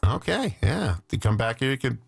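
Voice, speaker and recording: A man's voice: mid-range voice, very animated, normal speed, vocal fry, slightly rough. A middle-aged man hosting a show, asking playful, teasing questions in casual chat. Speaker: radio show host.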